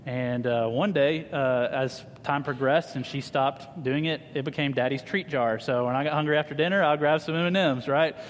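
A man in his thirties preaching a sermon to a congregation, telling funny family stories with lively humor. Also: mid-range voice, normal speed, hardly any pauses. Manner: animated, humorous storyteller addressing a congregation. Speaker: pastor. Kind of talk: sermon with personal storytelling. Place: church hall. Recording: reverberant church hall.

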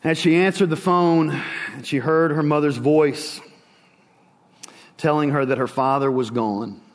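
A man preaching a sermon with a slow, dramatic delivery and long pauses. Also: fairly high pitch, long reverb tail.

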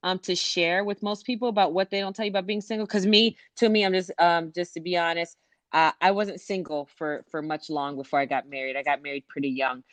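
A woman's voice: on the low side, fairly even intonation, a little fast, no room sound. A woman co-hosting a podcast, talking in a hyped, playful way and laughing easily. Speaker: podcast co-host. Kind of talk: casual podcast chat.

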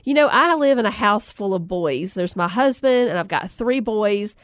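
A middle-aged woman, telling a funny personal story, chatty and animated, laughing often and acting out the voices she quotes. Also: mid-range voice, moderate pace, no room sound, clean studio sound. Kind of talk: humorous storytelling talk.

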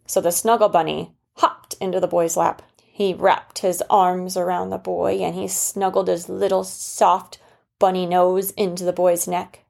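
A mother narrating a children's story, explaining things gently and patiently. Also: on the low side, level tone, moderate pace, vocal fry.

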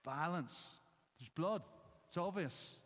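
A man's voice: on the high side, animated, slow, fairly bright tone. A man preaching a sermon with a punchy, anecdotal delivery, stressing points with short one-word lines. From Northern Ireland. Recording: church hall with long reverb.

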